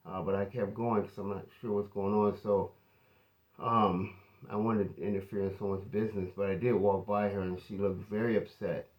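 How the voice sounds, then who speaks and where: Man, pastor, earnest personal testimony, fairly deep voice, chatty storytelling. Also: flat delivery, normal speed, darkish tone. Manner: earnest, conversational retelling.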